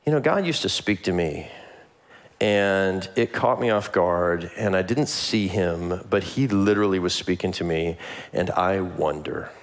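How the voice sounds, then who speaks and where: An old priest muses aloud in a low, hushed, unhurried voice, pausing as he thinks, as a man puts him on. The voice sinks well below the speaker's usual pitch and gets softer. It is told as part of a sermon. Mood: musing. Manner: slow, hushed, reflective. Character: old priest Eli, slow and musing.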